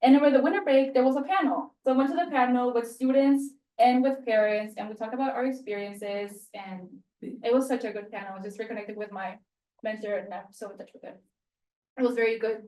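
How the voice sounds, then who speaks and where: A young woman from Mexico talks through her year as a student presenter, in a loose, chatty way full of "like" and "um". Her voice sits a little high. It carries with a roomy echo, picked up from some distance away from the mic. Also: fairly even intonation, a little fast, mellow. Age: young adult. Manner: chatty, filler-heavy and self-deprecating. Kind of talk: spoken end-of-year presentation. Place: room at a university. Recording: echoey room, mic set at a distance.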